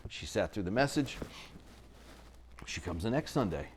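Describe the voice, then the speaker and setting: A man's voice: on the low side, very animated, moderate pace, slight background noise. A middle-aged man, a business owner on a podcast, telling a personal story in an earnest conversational way and acting out what others said. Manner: earnest, acts out quoted dialogue.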